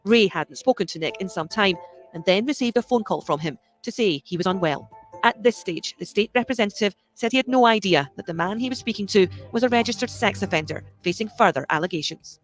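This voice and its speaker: Measured documentary narrator over music. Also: medium pitch, lively intonation. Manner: measured reporting tone. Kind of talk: scripted narration.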